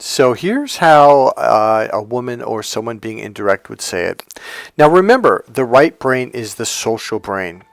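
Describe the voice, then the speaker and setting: A man coaching on dating, telling a story in an animated, emphatic casual monologue. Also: medium pitch, a little slow, gravelly, no echo.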